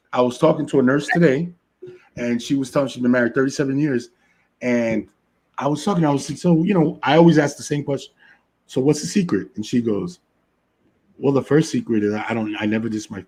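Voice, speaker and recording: A man's voice: medium pitch, slightly rough. A man co-hosting a podcast, chatting casually about relationships and telling stories with frequent "right?" asides. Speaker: podcast co-host.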